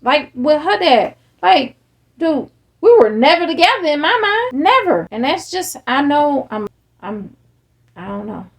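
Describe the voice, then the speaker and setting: A woman's voice: high-pitched, unhurried, creaky. A woman, hosting a candid casual chat, talking bluntly and acting out the people she quotes. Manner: blunt, animated, acts out quoted dialogue. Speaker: podcast host and parent.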